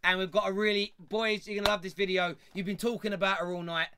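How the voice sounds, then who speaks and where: A man's voice: high voice, a little hiss or hum. A man hosting a live football fan phone-in show, joking and mocking a troll caller. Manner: lively, quick to mock callers. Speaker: host.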